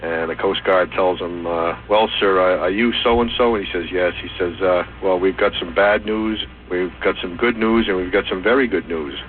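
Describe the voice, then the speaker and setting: A male caller with a very deep voice tells a long joke, steady and unhurried, with a few fillers. He comes through a tinny phone line with a faint hiss behind him.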